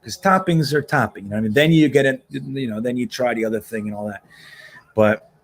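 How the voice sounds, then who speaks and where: A man's voice: mid-range voice, a little fast. A man hosting a casual live stream, chatting loosely and reacting to plays as he talks with viewers. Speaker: livestream host. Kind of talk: casual live watch-along chat. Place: home in Miami.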